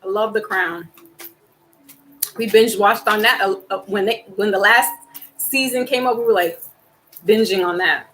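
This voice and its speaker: A woman's voice: medium pitch, a little slow, pauses often, fairly bright tone, slight background noise, rough recording. A woman giving a casual tarot card reading, chatty and rambling as she talks straight to her viewers. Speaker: tarot reader.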